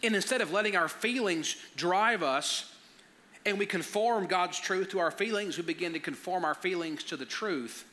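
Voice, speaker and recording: A man's voice: on the high side, sharp tone, a little hiss or hum. A man preaching a conversational sermon, telling personal stories and often stammering and repeating words. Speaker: pastor.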